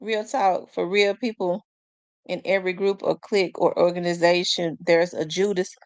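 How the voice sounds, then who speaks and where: A woman's voice: lowish voice, flat delivery, normal speed, no echo. A woman hosting a casual live commentary, chatty and asking questions aloud as she talks to her viewers. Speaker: host.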